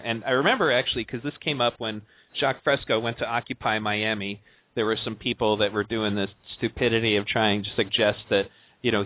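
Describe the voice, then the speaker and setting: A man's voice: fairly low pitch, no echo. A man hosting a podcast conversation, talking casually with a sarcastic edge and lots of "um" and "you know". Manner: sarcastic, many fillers. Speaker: podcast host. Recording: tinny phone-line call.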